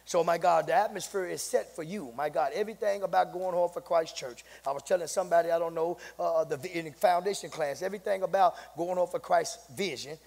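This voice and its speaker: A man, the pastor, a sermon and building to shouts, saying "my God" between phrases. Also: a little high, brisk, gravelly, few pauses. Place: church sanctuary. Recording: long hall reverb.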